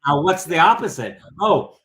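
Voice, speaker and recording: A man's voice: on the high side, sing-song, normal speed, a bit bright. A man in casual conversation, speaking reflectively with frequent restarts. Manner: reflective, searching, many restarts.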